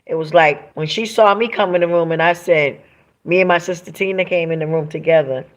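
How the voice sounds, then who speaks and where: A woman's voice: fairly low pitch, a little fast. Emphatic preachy woman livestreaming. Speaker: livestream host reading viewer comments. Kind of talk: emotional livestream monologue.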